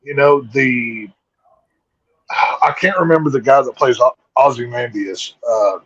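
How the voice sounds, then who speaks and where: Casting note: casual male movie reviewer, husky and blunt, dry slightly dull recording. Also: mid-range voice, measured pace, a bit bright, no room sound. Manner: rambling, blunt, lots of restarts. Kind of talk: casual chat.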